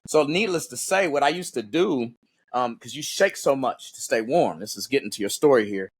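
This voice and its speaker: Male podcast guest, husky tone, animated and profane storyteller. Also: mid-range voice, moderate pace. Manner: animated, profane, acts out voices in his stories. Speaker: podcast guest, former Navy SEAL. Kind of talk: casual storytelling in an interview.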